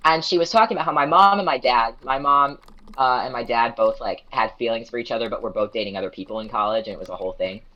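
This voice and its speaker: A woman's voice: a bass voice, fast talker, dull audio. A young woman on a live stream chatting casually, telling a long story in a rambling way, breaking off her own sentences and often laughing. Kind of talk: casual chat.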